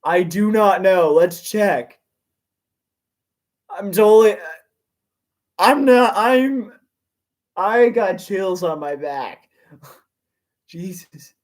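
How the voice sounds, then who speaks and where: Excitable man doing a live story reading. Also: high voice, very slow, pauses often. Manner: excitable, loud reactive exclamations. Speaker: channel host, reader. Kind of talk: live reading of fan fiction.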